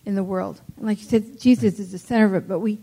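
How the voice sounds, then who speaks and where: A woman in a church discussion, sharing her thoughts in a measured way. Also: mid-range voice, steady tone, creaky, dark tone, slightly rough, rough recording.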